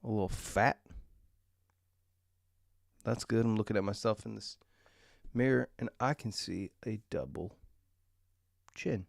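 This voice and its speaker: A man's voice: fairly low pitch, moderate pace, vocal fry, long pauses, darkish tone, no echo. Male streamer, tired and crude, rambling morning chat, dry close mic. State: tired, clearing his throat. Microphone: desk mic.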